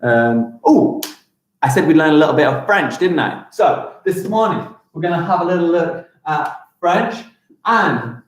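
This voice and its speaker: A young man teaching a live online lesson to young children, with animated and exaggerated pronunciation. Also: fairly high pitch, unhurried, echoey room. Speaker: primary school teacher.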